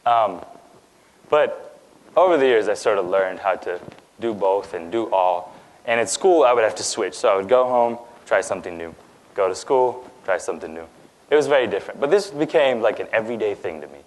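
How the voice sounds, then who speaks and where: Young guy giving a stage talk, lowish voice, chatty, lots of ums and "right?". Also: low-quality recording. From India, grew up in Dubai. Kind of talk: personal storytelling talk. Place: lecture stage.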